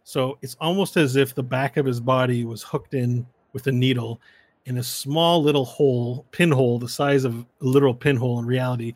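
A man narrating a tabletop game as game master, telling the story slowly and dramatically. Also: medium pitch, fairly even intonation, a little mellow, no echo.

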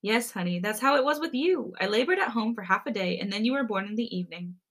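A woman reading a fan story aloud, voicing an excitable, doting grandmother who talks cheerfully and exclaims loudly, much higher than her usual voice. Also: fast talker. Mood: soothing.

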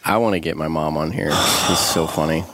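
A man's voice: a bass voice, a little fast, noisy background. A man co-hosting a comedy podcast, talking in a laid-back, easygoing way. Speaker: podcast co-host. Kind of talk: casual chat.

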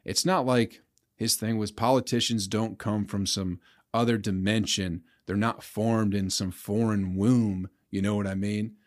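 A man's voice: fairly low pitch, steady tone, measured pace. A man hosting a solo podcast, ranting in a profane, rambling and sardonic way. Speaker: podcast host.

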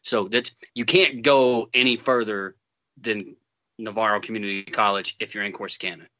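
A man in a casual chat who laughs often and drops swear words into drawn-out asides. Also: lowish voice, steady tone, sharp tone.

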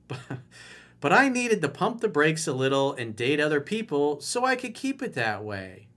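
A man's voice: on the high side, very animated, moderate pace, a bit bright. Blunt, mocking male dating coach. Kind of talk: advice monologue.

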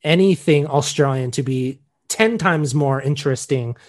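A man's voice: medium pitch, normal speed. An American man co-hosting a podcast, chatting casually and joking with laughter. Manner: laughing, jokey, animated. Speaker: podcast co-host. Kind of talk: casual chat.

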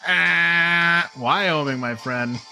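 A young man co-hosting a comedy podcast, swearing and laughing as he reads posts aloud with theatrical slow emphasis. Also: fairly high pitch, gravelly, pushed and bright, faint music behind. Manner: laughing, profane, theatrical readings. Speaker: podcast co-host. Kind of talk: casual comedic chat, reading posts aloud.

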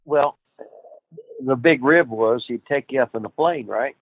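A man who trains wrestlers, telling profane, animated road stories as a guest. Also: medium pitch, a little slow, husky, no room sound. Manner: profane, animated, laughs at his own stories. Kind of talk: casual storytelling interview. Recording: dry tinny phone-like line.

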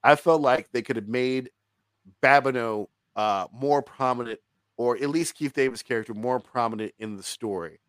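A man co-hosting a casual film review podcast, talking in an animated, profane way and laughing often. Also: mid-range voice, moderate pace, clear, resonant tone, dry recording.

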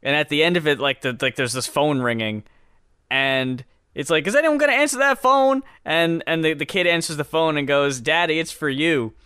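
A man who guests on a casual podcast has a bright, crisp voice with a touch of height. He is recorded dry and close. He speaks in a laid-back way and walks through songs scene by scene. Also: fairly high pitch, fairly even intonation, moderate pace, no echo.

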